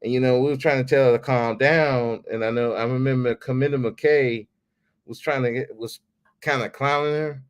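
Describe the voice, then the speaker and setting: A man's voice: mid-range voice, steady tone, normal speed, clean tone. A man hosting a podcast, ranting in a casual, heated way, swearing freely and repeating himself. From United States. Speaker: podcast host.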